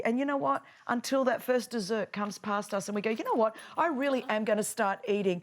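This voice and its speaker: High, lively woman preaching. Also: a little fast, few pauses. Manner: animated, playful, acts out voices. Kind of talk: sermon. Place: stage before a live audience.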